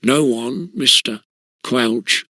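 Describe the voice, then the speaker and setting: A man's voice: medium pitch, drawn-out words, pushed and bright, breathy edge, no room sound, voice pushed down, full character voice. A synthetic male voice reading the lines of a polite, cheery young schoolmaster. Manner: polite, courteous.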